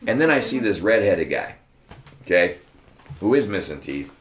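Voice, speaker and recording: A deep-voiced middle-aged man holds the floor with a rambling, profane story, jumping into other people's voices as he goes. His low tone rings around an echoey room. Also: normal speed. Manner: animated, profane, acts out quoted voices. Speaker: guest storyteller. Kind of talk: casual storytelling chat. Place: room with a small live audience.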